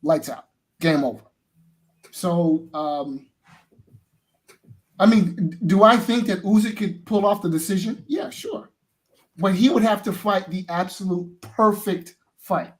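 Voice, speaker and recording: Higher-voiced man breaking down a fight. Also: expressive. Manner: halting, lots of fillers and restarts. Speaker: boxing show guest. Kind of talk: casual boxing analysis.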